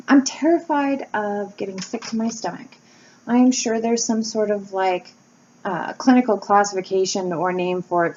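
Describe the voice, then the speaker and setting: A woman, chatting candidly to camera from home as a YouTuber, telling stories with lively energy and casual swearing. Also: mid-range voice. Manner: candid, animated storytelling with swearing and laughs. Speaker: wax-melt YouTuber and blogger. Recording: slightly dull home recording with faint background noise.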